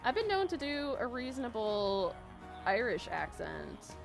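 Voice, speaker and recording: A woman's voice: a little high, very animated, measured pace, vocal fry. A woman hosting a casual live stream, chatting and reading viewer messages aloud in a bubbly, rambling way, laughing often. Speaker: live-stream gaming host. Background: faint background music.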